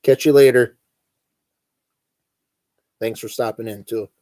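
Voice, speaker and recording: A middle-aged man with an Upper Midwest accent, hosting a relaxed, rambling chat and chuckling as he goes. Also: medium pitch, takes it slowly, no room sound. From northern Wisconsin. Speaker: host. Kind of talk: casual chat reading live comments.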